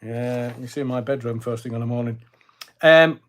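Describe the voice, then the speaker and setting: A man's voice: mid-range voice, moderate pace. An older man from Scotland, hosting a casual livestream, chatty and jokey, rambling with lots of fillers. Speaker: livestream host reading viewer comments. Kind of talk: casual chat.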